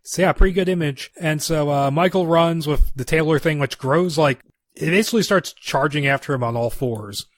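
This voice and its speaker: A man's voice: fairly high pitch, normal speed, dry recording, clean studio sound. A man hosting a podcast, recapping a plot casually in long run-on sentences. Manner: run-on storytelling, chained "and"s. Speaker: podcast host.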